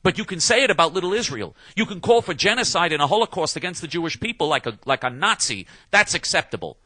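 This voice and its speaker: Man, angry combative commentator ranting solo, slightly high voice with a tense bright edge, dry close sound. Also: very animated, fast talker, dry recording. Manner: angry, combative, emphatic with repeated restarts. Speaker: political commentator. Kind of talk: heated monologue rant.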